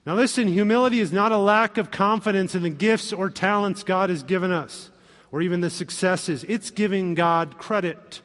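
A man preaching a sermon as pastor, animated and acting out quoted voices. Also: high-pitched, normal speed. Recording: long reverb of a hall.

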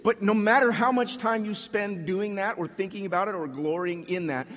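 A man preaching a sermon as a pastor, talking in a conversational way with frequent restarts and animated asides. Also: high-pitched, normal speed, long reverb tail.

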